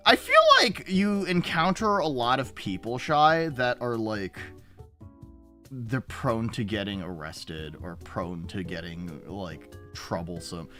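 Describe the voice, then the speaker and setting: A man's voice: on the low side, slow pace, pushed and bright, faint music behind. A man streaming and chatting casually with viewers, rambling with frequent restarts and plenty of swearing. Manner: rambling, profane, self-interrupting.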